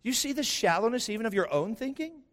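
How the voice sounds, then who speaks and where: A man's voice: extremely high pitch, very animated, quick pace, a bit bright. Impassioned male pastor preaching in a hall. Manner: impassioned, emphatic preaching with rhetorical questions. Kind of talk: sermon. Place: church sanctuary.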